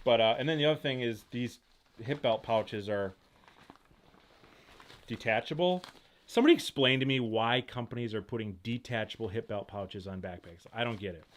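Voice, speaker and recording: A man hosting a casual live-stream Q&A from home, talking fast and jumping between thoughts as he reads viewer comments aloud and reacts to them. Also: mid-range voice. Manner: rapid, rambling, jumps between thoughts. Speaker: host of outdoor gear channel.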